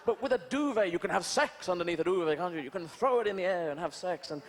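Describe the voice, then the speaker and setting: A man's voice: sits high, animated, quick pace. A man doing a surreal stand-up routine, rambling through absurd asides with lots of "you know". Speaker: stand-up comedian. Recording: noisy old TV broadcast, live audience.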